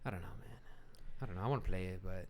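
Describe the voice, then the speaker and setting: A man's voice: deep voice, rapid-fire, darkish tone. A man co-hosting a casual podcast chat, rambling with lots of restarts and casual swearing. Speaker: podcast co-host.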